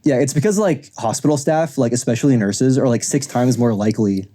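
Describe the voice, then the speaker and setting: A young man rattling off a story at a quick clip, his voice soft and dark in tone. He rambles casually, stacking fillers and swear words as he talks with his co-hosts on a podcast. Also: medium pitch. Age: young adult. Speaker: podcast co-host. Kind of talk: casual chat.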